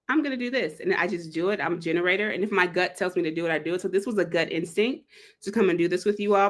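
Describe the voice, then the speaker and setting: A woman hosting a live read-along, chatting casually and digressing, acting out quotes with big leaps in pitch. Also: sharp tone. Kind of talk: casual livestream talk.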